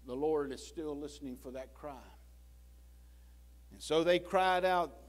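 Male preacher, high-pitched and unhurried, who acts out prayers and voices God in his sermon. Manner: swings from loud pleading to hushed low tones; acts out prayers and God's words in quotes. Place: church sanctuary.

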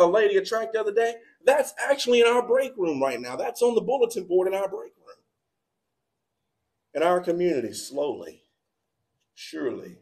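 Male pastor, mid-high voice, evening sermon in church, swings from hushed to full-throated preaching. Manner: swings from quiet and low to loud preaching shouts. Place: church sanctuary.

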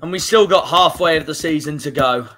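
A man's voice: on the high side, brisk, fairly bright tone. Angry swearing Cornish man. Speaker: football fan channel host. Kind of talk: emotional livestream reaction.

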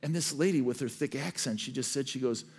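A man's voice: medium pitch, fairly quick, breathy edge. A man preaching a sermon as pastor. He tells his story earnestly and often repeats words as he restarts. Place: church stage.

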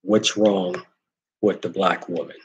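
Male host, casual storyteller, slightly low pitch, animated. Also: slow pace, lo-fi sound. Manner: animated storyteller acting out quoted voices. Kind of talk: casual storytelling and reading comments.

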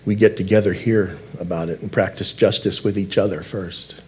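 A man preaching a sermon as lead elder in a church, earnest, repeating key words and slowing down to stress them. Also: sits low, fairly even intonation, a little mellow. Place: church sanctuary.

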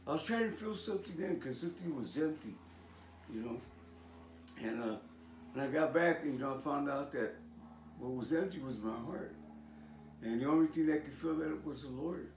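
A man in his sixties from California tells his life story as a testimony, in a voice pitched a little high. His delivery is casual and conversational, with street slang and constant "you know"s. The recording is echoey, and he sounds set back from the mic. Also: animated, moderate pace, long pauses, a little hiss or hum. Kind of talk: personal testimony. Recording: echoey room, voice from a distance.

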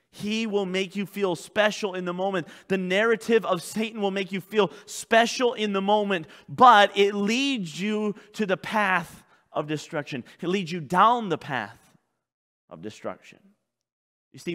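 A man preaching in a church, his voice pitched high and ringing bright. He swings between loud, shouted lines and hushed, low passages. A long reverb trails each phrase through the sanctuary. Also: measured pace. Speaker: pastor. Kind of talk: sermon.

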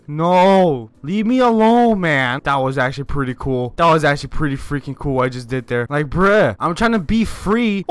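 Young male gaming host, lively and excitable, yelps and laughs through play, slightly high voice, faint music behind. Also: unhurried, smooth, dry recording. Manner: excitable, laughs and yells at the game. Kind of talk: excited gameplay commentary.

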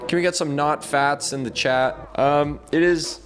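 A man hosting a gaming channel, giving excitable, jokey commentary to viewers while he plays. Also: fairly high pitch, unhurried. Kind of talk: casual gameplay commentary.

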